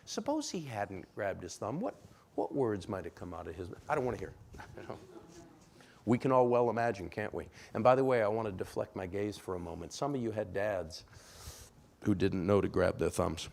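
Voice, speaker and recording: A man preaching a sermon in a church, telling a story with lively acted-out quotes and questions to the congregation. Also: lowish voice, moderate pace, vocal fry, slight background noise. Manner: animated storyteller, acts out quoted voices, asks congregation. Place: church sanctuary.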